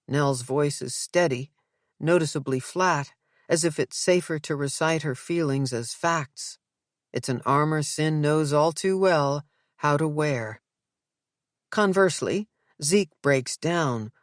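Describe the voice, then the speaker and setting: A woman narrating an audiobook in an even, measured way. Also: deep voice, no room sound, clean studio sound. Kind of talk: scripted narration.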